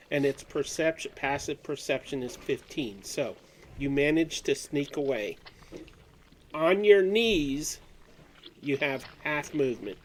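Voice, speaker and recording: A man narrating as game master, calmly explaining rules step by step. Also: mid-range voice, a little hiss or hum, low-quality recording.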